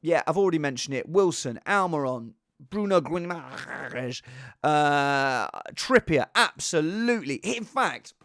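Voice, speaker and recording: A man's voice: a little high, lively intonation, measured pace, vocal fry, a bit bright, no echo, studio quality. A man chatting casually on his own as a fantasy football vlogger, rambling with restarts and asides. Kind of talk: casual solo chat.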